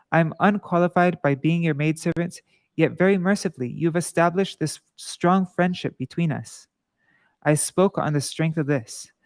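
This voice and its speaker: A man reading devotional scripture and commentary aloud to a class, measured and earnest, with small restarts. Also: a little high, dry recording.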